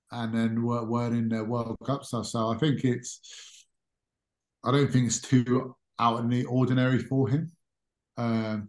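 A man, a podcast guest telling stories in a relaxed, conversational way with frequent restarts. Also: medium pitch. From England. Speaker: podcast guest, former rugby captain. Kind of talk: casual interview chat. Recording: roomy echo.

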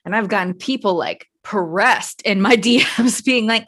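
Speaking at a measured pace in a mid-range voice, this young podcast co-host shares stories openly in a casual chat. Her telling is lively and profane, with plenty of cursing.

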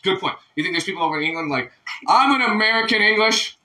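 A man with a sharp, bright voice that swings high and low as he rants, loud and full of profanity. He is recorded in an echoey room that rings around his words. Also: expressive, fast. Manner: loud, ranting, profane, mock-quoting others. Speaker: podcast co-host. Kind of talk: casual banter.

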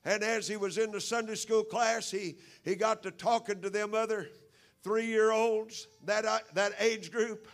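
High gravelly fervent preacher man. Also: fairly even intonation, a little slow. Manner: fervent, punctuated with frequent amens. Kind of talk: sermon. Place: church service.

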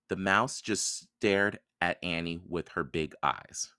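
Slow, deep-voiced man reading a storybook. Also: sharp tone, smooth, dry recording, studio quality. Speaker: podcast reader. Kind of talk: reading a children's chapter book aloud.

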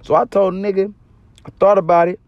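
Young guy telling a wild story, lots of cussing and slang, voice a little on the high side. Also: brisk, dry recording, muffled recording. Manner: profane, animated, slangy. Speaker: storyteller vlogger. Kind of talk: casual spoken storytelling.

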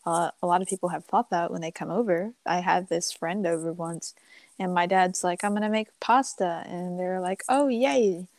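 A woman's voice: lowish voice, little pitch movement, normal speed, a little mellow, dry recording. Young woman co-host, casual, swears, scattered delivery, dry sound. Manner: rambling, swears freely, lots of fillers. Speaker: podcast co-host. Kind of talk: casual chat.

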